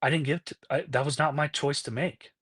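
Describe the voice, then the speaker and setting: A man's voice: a little high, fairly even intonation, a little fast, fairly bright tone, breathy edge, dry recording, clean studio sound. A man in his thirties, a podcast guest, speaking candidly about his past and often checking in with "right?" and "you know?". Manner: acts out past conversations in quoted voices. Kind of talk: candid personal storytelling.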